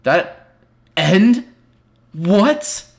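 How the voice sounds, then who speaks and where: A male streamer commenting live on a game and reading its text aloud. He swings from hushed, fearful muttering to loud startled outbursts and repeats short phrases again and again. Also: sits high, very animated, drawn-out words, creaky.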